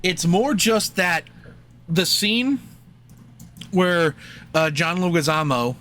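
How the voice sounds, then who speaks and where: A man's voice: sits high, takes it slowly, a bit bright. A young man co-hosting a film podcast, talking in a rambling, jokey, profane way. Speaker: podcast co-host reviewing a film. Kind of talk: casual chat.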